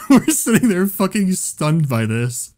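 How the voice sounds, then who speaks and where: A man telling a story on a podcast, swearing freely and animated throughout. His voice sits a little high and swings widely in pitch as he builds each beat. It sounds relaxed and conversational. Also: takes it slowly. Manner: animated, profane, laughing storyteller. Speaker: podcast host. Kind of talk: casual storytelling chat.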